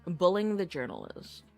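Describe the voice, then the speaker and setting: Playful streamer woman, lively pitch. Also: gravelly. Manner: playful, jumps between silly voices. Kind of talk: casual gameplay chat.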